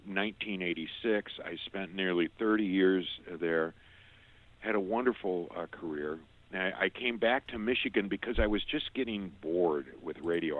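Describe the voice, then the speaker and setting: An older man who once worked in radio tells his story as an interview guest, his slightly low voice coming through a thin phone line. He's earnest but halting, restarting again and again.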